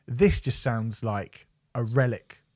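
A man's voice: mid-range voice, steady tone, slow, darkish tone, no echo, clean studio sound. A young man co-hosting a music podcast, ranting and swearing as he mocks a record. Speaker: podcast co-host reviewing music. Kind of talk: casual chat.

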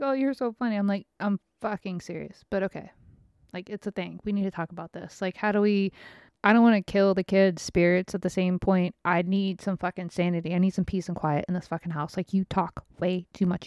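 A woman's voice: mid-range voice, fast, mellow, no echo, clean studio sound. A middle-aged woman hosting a podcast, telling a rambling, frank story with plenty of swearing, restarts and asides. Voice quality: frank, swears freely, laughs between stories. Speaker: podcast host. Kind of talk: casual podcast monologue.

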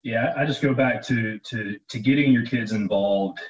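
A man's voice: mid-range voice, moderate pace, far from the mic, highs cut off. A father speaking as a panelist in a round table discussion, telling an anecdote with pride.

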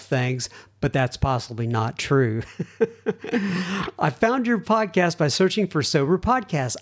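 A middle-aged man hosting a recovery podcast, chatting casually and reading listener emails aloud with self-deprecating asides. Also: on the high side. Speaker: podcast host.

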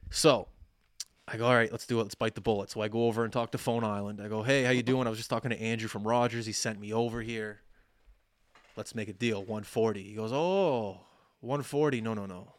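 Animated storyteller in his thirties. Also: lowish voice, fast, dry recording. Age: 30s. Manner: animated, acts out quoted dialogue. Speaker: podcast co-host. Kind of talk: casual storytelling chat.

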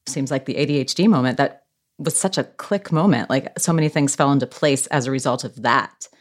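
A woman's voice: a bass voice, a little fast. A woman hosting an interview, asking reflective and slightly hesitant questions. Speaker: interview host. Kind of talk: conversational interview.

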